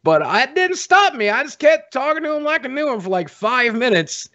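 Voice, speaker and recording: A man's voice: extremely high pitch, very animated, moderate pace, pushed and bright, no room sound, dull audio. A man on a podcast panel telling crude, self-mocking stories in casual banter. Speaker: guest panelist.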